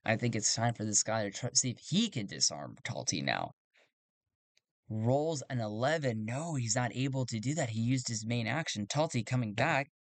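A man's voice: medium pitch, expressive, normal speed, no room sound. A man narrating his solo tabletop game as game master, casual and thinking aloud, correcting himself.

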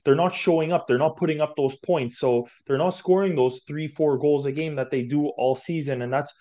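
A man's voice: on the high side, moderate pace, mellow. A man co-hosting a sports podcast in casual chat, firm and argumentative in how he makes his point. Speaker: podcast co-host.

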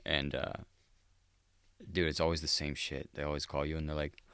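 Podcast host, man, extremely low smooth voice, profane and rambling. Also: flat delivery, moderate pace, a bit bright, no room sound, studio quality. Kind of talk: casual solo podcast monologue.

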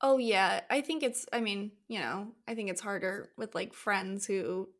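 A woman's voice: medium pitch, normal speed. A woman podcast guest in casual chat, retelling scenes and acting out the characters' lines playfully. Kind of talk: casual movie discussion.

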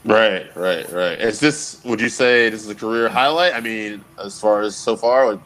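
A man's voice: fairly low pitch, moderate pace, a bit bright, rough recording. A man hosting a podcast interview, loose and chatty, laughing easily. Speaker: podcast host interviewing a guest. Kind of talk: casual interview chat.

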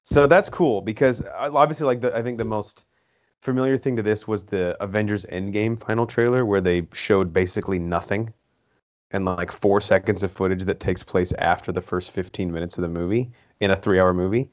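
A man hosting a casual podcast chat, upbeat and quick to jump in. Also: lowish voice. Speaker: podcast host. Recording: dull lo-fi sound.

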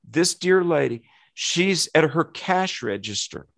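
A pastor in his fifties gives an earnest, animated personal testimony in conversation. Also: a little high, slow pace, gravelly, no echo.

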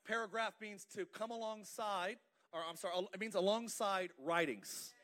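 High-pitched male preacher, playful and talkative, works the congregation from the pulpit. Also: normal speed, a bit bright. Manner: playful, asks the congregation to respond. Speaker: pastor. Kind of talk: lively sermon with jokes. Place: church.

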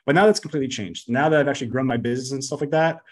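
A man who is a podcast guest, talking casually in a rambling, blunt way, full of fillers and swearing. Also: mid-range voice. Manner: rapid, rambling, full of "like" and "you know". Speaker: podcast guest, business coach. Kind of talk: casual interview chat.

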